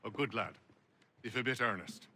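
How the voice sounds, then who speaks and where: An actor playing a measured, courteous gentleman in a video game. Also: medium pitch, slight background noise.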